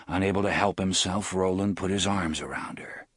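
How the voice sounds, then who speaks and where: A man narrating an audiobook in measured, expressive storytelling. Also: low voice, husky, no echo, clean studio sound.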